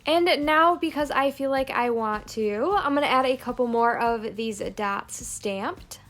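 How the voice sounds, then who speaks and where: A woman narrating a plan-with-me planner video, calmly explaining each crafting step. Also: a little high, unhurried. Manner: calm step-by-step crafting walkthrough. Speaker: planner vlogger. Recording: soft background music.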